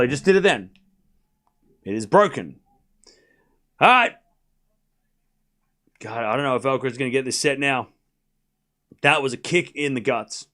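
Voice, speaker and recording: A man calling tennis live for a watchalong stream, excitable and openly taking sides as he chats with viewers. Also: medium pitch. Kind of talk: live play-by-play commentary.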